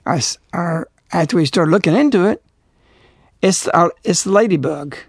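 A man's voice: sits high, expressive, moderate pace, vocal fry, slightly rough, no room sound, studio quality. A middle-aged man hosting a religious radio talk show, speaking emphatically and repeating himself as he preaches.

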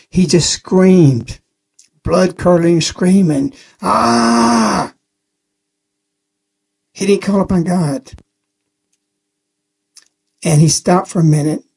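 A man's voice: fairly high pitch, warm tone, husky. A man giving an earnest spoken testimony on a religious radio program, telling the story plainly and repeating key phrases.

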